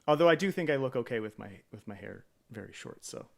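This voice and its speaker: A man's voice: mid-range voice, animated, fast, gravelly. Rambling man chatting on a live stream. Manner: rambling, hesitant, greets viewers by name; jokey and self-deprecating. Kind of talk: casual live-stream chat.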